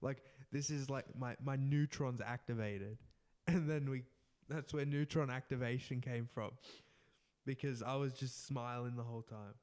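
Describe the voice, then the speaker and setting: A young man telling an animated story in casual podcast chat, often laughing and restarting his sentences. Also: mid-range voice, moderate pace. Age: young adult. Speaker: podcast co-host.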